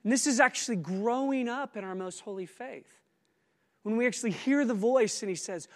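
A man with a notably high voice delivers a sermon at a church conference, swinging between loud, animated exclamations and quiet, reflective asides. His voice rings out through a large church auditorium, trailing a long reverb tail. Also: moderate pace. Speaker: conference speaker.

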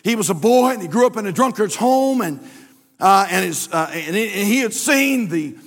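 High-voiced preacher in a reverberant church. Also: male voice, animated, normal speed. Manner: storytelling, folksy, with rising emphatic repetitions. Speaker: pastor. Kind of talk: sermon. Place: church sanctuary. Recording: long church hall reverb.

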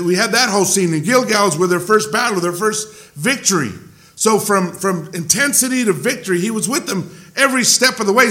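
A middle-aged man delivers a sermon in a high, sharp-edged voice. His pitch swings widely as he talks, and he keeps restarting phrases before punching key lines with a shout. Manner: conversational with frequent restarts, bursts of shouting for emphasis. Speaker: pastor.

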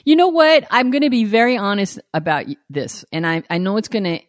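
A woman's voice: medium pitch, sing-song, fairly quick, no echo, studio quality. A woman hosting a podcast in casual, candid chat, frank and blunt and often laughing. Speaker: podcast host.

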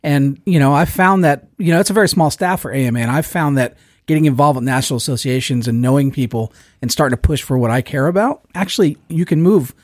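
A man's voice: a little high, fast talker, hardly any pauses, dry recording, studio quality. A middle-aged man in a casual panel discussion, earnest and opinionated.

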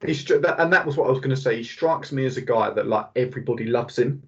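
Man, mid-pitched podcast host, enthusiastic and chatty, muffled lo-fi audio. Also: a bit bright. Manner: enthusiastic, fast, filler-heavy analysis. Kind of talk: casual football podcast chat.

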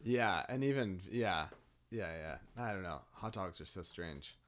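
A man's voice: low-pitched, expressive, a little slow, fairly bright tone. A man in a casual film chat, speaking hesitantly and searching for words.

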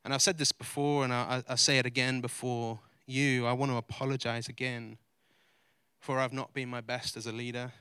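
A male pastor preaching a sermon, earnest and confessional, moving between loud emphatic preaching and quiet, vulnerable admission. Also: mid-range voice, flat delivery, fairly quick, clean tone, dry recording, clean studio sound. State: close to tears. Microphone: handheld or stage mic.

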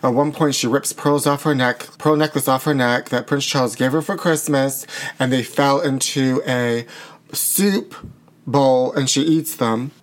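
A man tells a film's plot like juicy gossip, campy and full of quick asides. His voice sits at an everyday middle pitch. It is a relaxed, casual conversation. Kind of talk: casual chat.

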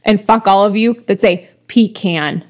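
A woman's voice: mid-range voice, brisk. A woman co-hosting a podcast in casual chat, sassy and playfully combative, swearing freely. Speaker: podcast co-host.

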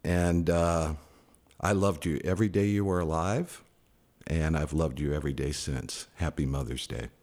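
An older man telling a personal story with animation, raising his voice high to quote people. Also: moderate pace, a little mellow. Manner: hesitant with fillers. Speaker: caller sharing a tribute. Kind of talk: casual storytelling.

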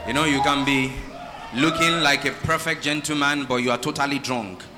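A man preaching a sermon in church, calling out to the congregation and stretching key words slowly for emphasis. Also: mid-range voice, steady tone, background noise. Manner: preaching with call-and-response, drawn-out emphasis. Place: church hall. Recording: live sermon in a reverberant hall.

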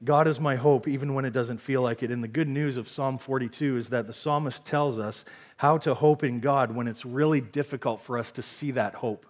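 A man's voice: mid-range voice, moderate pace. A man preaching a sermon as pastor, earnest and repeating key lines for emphasis. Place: church sanctuary.

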